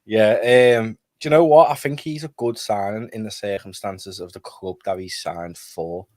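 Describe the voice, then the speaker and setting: A man's voice: lowish voice, fairly even intonation, normal speed, darkish tone, no room sound, clean studio sound. A man speaking as a guest on a football chat stream, thinking aloud and hedging with "I feel like".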